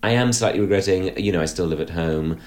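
A man, a comedian guest, chatting casually over a remote call with an animated, self-deprecating manner. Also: deep voice, quick pace. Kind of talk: casual chat.

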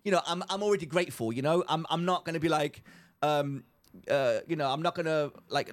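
A young man co-hosting a podcast tells a story in casual chat, his voice a little high and brisk. He's an animated storyteller who performs the voices of the people he quotes.

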